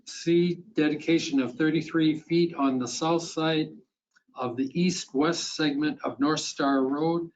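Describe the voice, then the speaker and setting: A man's voice: fairly high pitch, fairly even intonation, measured pace, a little mellow, a little hiss or hum. A man chairing a town board meeting, reading agenda items and long motions in a plain, procedural way with small restarts. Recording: dull, lo-fi meeting room audio.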